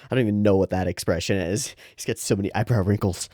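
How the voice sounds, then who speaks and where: Guy reading comics out loud, swearing and cracking jokes, mellow voice, dry close mic. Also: lowish voice, fast, no room sound. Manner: irreverent, swears casually. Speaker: comic reader and channel host. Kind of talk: reading a comic aloud with casual commentary.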